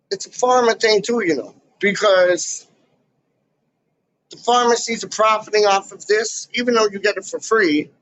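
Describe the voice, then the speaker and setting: A man ranting casually to camera in a vlog, full of slang and loud asides. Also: high voice, rough recording. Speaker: YouTuber. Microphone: camera mic.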